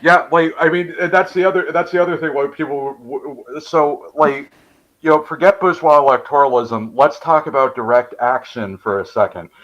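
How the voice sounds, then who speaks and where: A man talking politics in casual chat, blunt and profane, halting with many fillers. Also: fairly high pitch, fairly bright tone, lo-fi sound.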